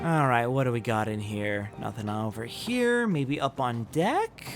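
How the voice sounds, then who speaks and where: A man's voice: mid-range voice, animated, unhurried, music in the background. A man casually commenting on gameplay as a let's play host, with wry asides. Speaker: gaming video host.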